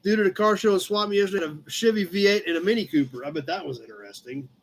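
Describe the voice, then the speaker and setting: A man with a fairly high voice hosts a relaxed live chat from his shop office. He rambles through old car magazine pages in an easygoing way and breaks off now and then to talk to his cat. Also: very fast. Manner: rambling, chatty, talks to his cat between comments. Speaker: livestream host.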